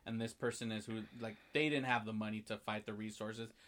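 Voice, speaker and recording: A man in casual chat, animatedly retelling a film scene by scene and acting out the characters' lines, with swearing. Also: brisk. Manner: animated storyteller, acts out lines with big jumps in pitch and loudness, swears.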